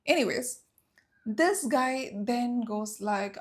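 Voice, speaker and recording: A woman's voice: a little high, takes it slowly. A young woman from Saudi Arabia telling a personal story in a storytime vlog, emotional and emphatic. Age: young adult.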